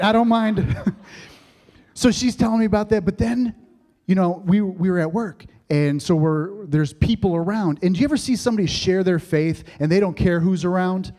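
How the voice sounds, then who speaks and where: A man with a high voice preaches to his congregation as their pastor. He tells stories, cracks jokes and laughs along, and builds up lively excitement as he goes. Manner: joking, storytelling, laughs often; animated, rising excitement. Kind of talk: sermon.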